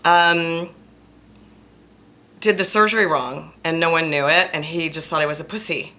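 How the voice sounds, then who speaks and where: Woman, counselor, low voice, forceful tone, frank, blunt, repeats for emphasis. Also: normal speed. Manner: frank and blunt, openly emotional; emphatic, repeats phrases for stress. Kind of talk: direct-to-camera personal talk.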